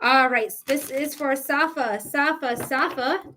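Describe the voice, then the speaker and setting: A woman with a high voice runs a live tarot reading from a home stream. She talks in a chatty, emphatic way and swears now and then. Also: unhurried, bright, forceful tone, slight background noise. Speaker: psychic reader, livestream host.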